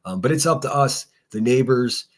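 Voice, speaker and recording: A man's voice: mid-range voice, expressive, normal speed. A man hosting a casual solo livestream, reading chat and giving blunt, profane, rambling commentary. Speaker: livestream host.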